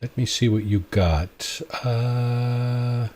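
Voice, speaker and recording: A man giving relaxed, casual gameplay commentary, thinking aloud as he plays. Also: medium pitch, extremely slow. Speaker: gaming video host.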